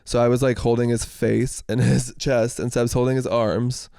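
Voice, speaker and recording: A young man co-hosting a podcast, telling a story in casual chat, animated, laughing and swearing freely. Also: medium pitch, moderate pace, vocal fry, clean tone, dry recording, studio quality. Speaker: podcast co-host.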